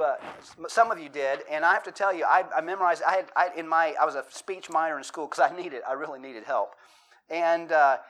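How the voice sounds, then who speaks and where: A man's voice: on the high side, a bit bright. A middle-aged man preaching a sermon, telling self-deprecating stories and reading scripture and poetry with dramatic emphasis. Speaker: pastor.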